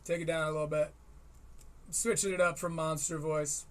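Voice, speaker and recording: A man's voice: a little high, flat delivery, moderate pace, fairly bright tone. A young man hosting a solo podcast, riffing wryly on comedy and reading aloud. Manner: rambling, riffing and wry. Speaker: podcast host. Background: faint harp music.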